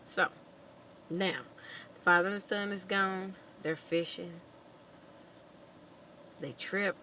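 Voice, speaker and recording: A woman vlogger casually retelling a movie plot in an animated, expressive storytelling manner. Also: fairly low pitch, slow, long pauses, slight background noise, rough recording.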